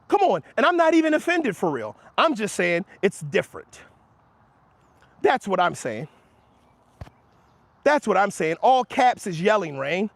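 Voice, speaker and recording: A high-pitched man argues with his livestream chat, pushing each point hard and calling out viewers by name. The sound is dry and close, with no room around his voice. He talks outdoors, within earshot of passersby. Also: very animated, normal speed, a bit bright, no echo. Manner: emphatic, argumentative, rising in pitch when making points; addresses chatters by name, laughs them off. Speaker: livestream host answering chat. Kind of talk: heated livestream talk to chat.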